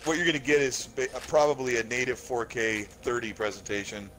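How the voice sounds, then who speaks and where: A man's voice: medium pitch, steady tone, a little fast, crowd noise, low-quality recording. A male guest on a gaming talk show, chatting casually and explaining game tech with enthusiasm. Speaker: guest commentator. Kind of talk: casual chat. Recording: hissy stream audio.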